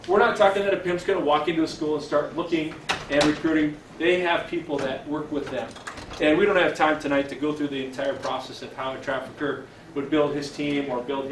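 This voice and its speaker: A middle-aged man, a chaplain, gives an earnest storytelling talk to a church audience, with halting fillers and restarts and a hush for quoted speech. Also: on the high side. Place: church hall. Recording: echoey hall, distant mic, faint hiss.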